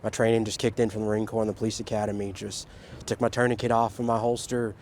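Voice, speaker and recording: A man, a police officer, recounting a shooting scene in an interview, quick and matter-of-fact. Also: fairly low pitch, flat delivery, background noise. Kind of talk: interview recollection.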